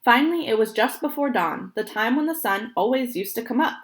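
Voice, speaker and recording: A young woman reading a picture book aloud, gentle and expressive, pausing to point at the pictures. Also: fairly high pitch. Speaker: storybook reader.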